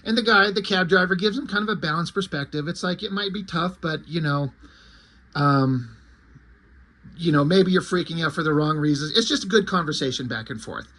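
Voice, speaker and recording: A man's voice: fairly high pitch, normal speed, pushed and bright. A man casually recapping a comic book issue in a loose, chatty way with plenty of fillers.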